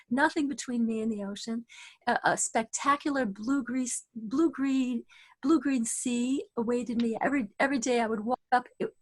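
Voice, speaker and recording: A middle-aged woman giving a spoken Torah talk, telling personal stories earnestly with frequent restarts and halting phrases. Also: a little high. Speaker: religious teacher.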